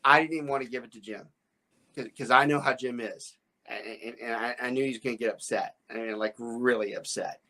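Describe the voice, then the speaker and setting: Rambling storytelling man, medium pitch. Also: steady tone, brisk, pushed and bright. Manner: rambling, with many restarts and stammered repeats; laughs often while telling stories. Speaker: real estate broker and podcast host. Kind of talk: casual storytelling on a podcast.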